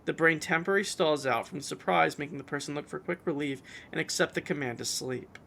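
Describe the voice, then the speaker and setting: Bright gravelly man streaming. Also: a little high, fairly quick, slight background noise. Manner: laid-back, joking, reads messages aloud. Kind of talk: casual stream chat, reading chat and search results aloud.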